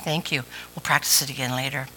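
A woman's voice: medium pitch, expressive, moderate pace, bright, forceful tone, a little hiss or hum, rough recording. A woman preacher giving a chatty, playful sermon with asides to the congregation. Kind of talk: conversational sermon.

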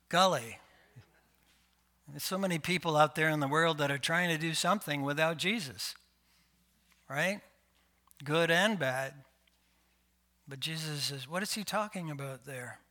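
A man's voice: on the high side, sharp tone. A middle-aged man from Canada preaching a sermon in a conversational way, with rhetorical questions and frequent fillers. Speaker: pastor.

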